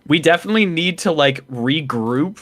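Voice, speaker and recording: A man playing a tabletop game who describes his character's moves in an excited, rambling way. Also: a little high, moderate pace. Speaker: player. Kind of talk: casual tabletop play.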